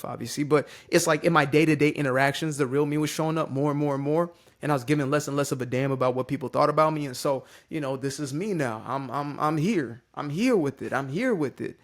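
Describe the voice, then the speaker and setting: A man's voice: medium pitch, quick pace, hardly any pauses. A man giving an unscripted, motivational talk to his camera, joking and swearing casually as a content creator. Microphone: facing a ring light on camera.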